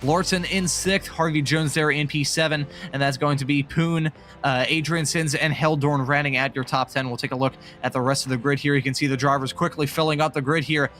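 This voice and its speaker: A man with a bright, slightly high voice calls a sim race as lead commentator. He keeps things chatty and upbeat, cracking jokes between the race calls, with faint music playing underneath. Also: fairly even intonation, brisk. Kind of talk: sim racing broadcast commentary. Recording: faint music bed behind.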